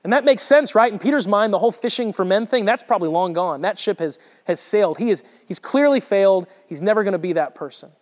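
A man's voice: high-pitched, animated, quick pace, few pauses, long reverb tail. A man giving a conversational sermon, retelling a Bible story with frequent restarts and repeated words. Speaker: preacher.

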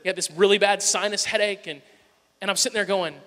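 A man's voice: high-pitched, fairly even intonation, quick pace, fairly bright tone. A man in his thirties, a pastor giving a conversational sermon to his congregation with humorous stories, with a chuckling storytelling manner. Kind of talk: casual sermon with personal stories. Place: large church hall before a congregation. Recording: long echo of a church hall.

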